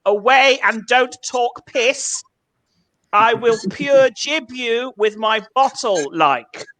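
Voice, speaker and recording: A man putting on a rough aggressive local man. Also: extremely high pitch, takes it slowly, bright, forceful tone, exaggerated voice, rough recording. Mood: threatening.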